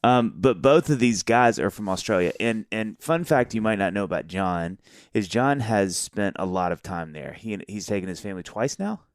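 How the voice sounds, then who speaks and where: A man's voice: lowish voice, animated, normal speed, no echo, studio quality. A man in his thirties co-hosting a casual podcast, chatty and joking. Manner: chatty, joking, with lots of fillers and laughs. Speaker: podcast co-host. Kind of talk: casual chat.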